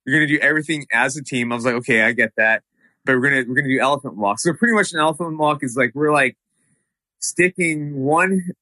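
A man telling a story in casual chat, animated and profane, with many fillers. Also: medium pitch, fast talker, dry recording.

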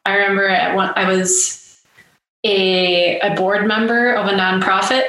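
A woman's voice: mid-range voice, level tone, measured pace, pushed and bright. A woman guest in a casual podcast chat, telling candid stories with self-deprecating humor. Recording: roomy sound with faint noise.

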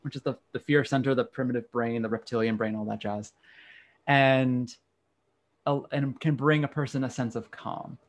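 Calm, measured male podcast guest. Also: medium pitch. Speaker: podcast guest, tapping practitioner. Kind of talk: explanatory interview talk.

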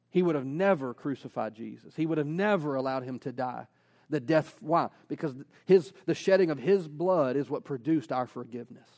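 A pastor preaches an energetic sermon, posing rhetorical questions and slipping in casual personal asides. His voice is on the high side.

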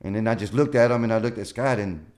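A man's voice: lowish voice, fast talker, darkish tone, a little hiss or hum. A male comedian being interviewed, telling long profane stories in a casual, rambling way. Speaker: comedian guest.

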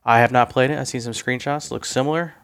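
A man's voice: medium pitch, fairly even intonation, fast, a bit bright, clean tone. A man co-hosting a gaming podcast, chatting casually and knowledgeably, with dry jokes and lots of fillers. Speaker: podcast co-host. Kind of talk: casual chat.

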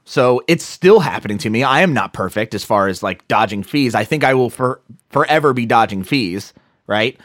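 A man's voice: mid-range voice, moderate pace, dry recording. A man chatting casually on a podcast, telling a story as he acts out what people said. His voice swoops up and down with lots of life, and the sound is dry and close. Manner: animated storytelling with acted-out quotes and swearing. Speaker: podcast co-host.

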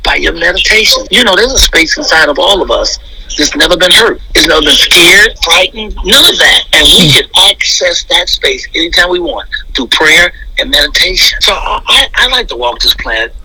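A middle-aged man, a comedian and interview guest, giving an exuberant, preachy testimony in quick bursts. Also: on the high side, lively intonation, gravelly, bright, forceful tone, breathy edge, no room sound, rough recording.

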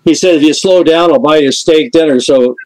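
Older man telling lively road stories. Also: a little high, fairly quick, noisy background. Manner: lively storyteller who acts out the people in his stories. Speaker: guest musician, lead singer. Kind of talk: anecdotal storytelling in a podcast interview.

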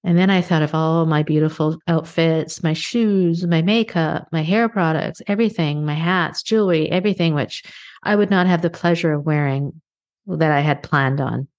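A middle-aged woman from Canada hosts a reflective motivational podcast. Her voice sits low, and she speaks earnestly and at a measured pace. She slows down to stress her key points. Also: a little mellow. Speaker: podcast host.

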